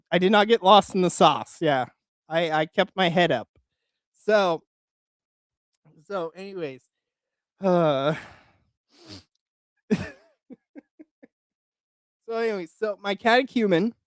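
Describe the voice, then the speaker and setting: High-voiced man chatting slowly. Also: a bit bright, dry recording. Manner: rambling, joking, laughs often. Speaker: channel host. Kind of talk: casual chat with live chat.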